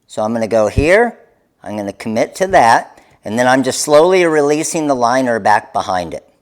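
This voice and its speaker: A man's voice: medium pitch, sing-song, normal speed. A man hosting a live craft tutorial, talking viewers through each step in an upbeat way. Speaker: craft demonstrator.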